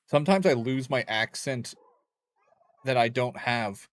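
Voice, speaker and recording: A man's voice: medium pitch, expressive, measured pace, no room sound. A young man streaming a game, rambling and joking with chat in a loose, crude way. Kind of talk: casual gaming stream chat.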